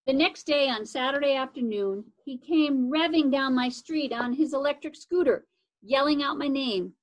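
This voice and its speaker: High-voiced woman reading a chapter book. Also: moderate pace, rough recording. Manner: casual, with occasional slips and restarts. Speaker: reader.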